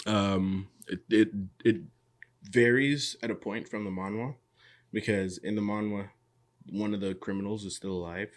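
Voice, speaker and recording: A man with a somewhat low voice chats casually on a podcast, recapping a show scene by scene. He drops into quick impressions of the characters as he goes, then slides back into relaxed storytelling. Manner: animated storyteller, acts out characters' lines. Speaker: podcast co-host. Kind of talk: casual chat recapping an anime episode.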